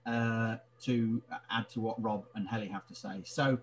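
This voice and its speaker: A British man hosting an online book talk over a video call, polite and formal, pausing often with fillers. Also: lowish voice, fairly even intonation, a little hiss or hum. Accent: British English. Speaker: interviewer, library sound archive curator.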